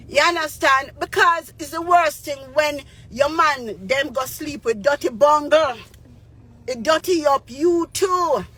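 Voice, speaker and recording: A woman's voice: sits high, fairly bright tone. A woman with a Jamaican accent tells a personal story earnestly. She mixes Patois with English and keeps checking in with the listener. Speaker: radio DJ and spiritual advisor.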